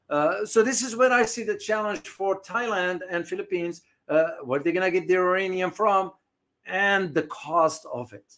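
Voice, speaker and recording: A man hosting a live commentary stream, his voice bright and a touch high. He speaks off the cuff with plenty of "uh"s and restarts, and he often stops to answer viewers' comments in the chat. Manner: reads out chat comments, rambling with many fillers. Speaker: host of a live geopolitics stream.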